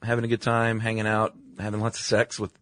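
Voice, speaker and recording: A laid-back man co-hosting a chatty podcast, slipping in easy asides and agreement. His voice sits low and sounds dry and close. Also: monotone, fast talker, a bit bright, no echo. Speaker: podcast co-host. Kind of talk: casual chat.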